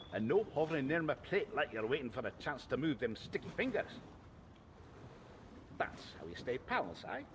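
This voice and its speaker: A man doing a chatty fisherman. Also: on the high side. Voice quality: folksy, teasing storyteller manner. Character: chatty male fisherman and harbour master. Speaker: game character. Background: game music.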